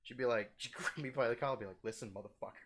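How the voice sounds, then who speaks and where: A young man ranting casually, animated and profane, his voice jumping up when heated. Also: very fast, a little hiss or hum. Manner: animated, swearing, heated, with sudden pitch jumps. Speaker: vlogger ranting.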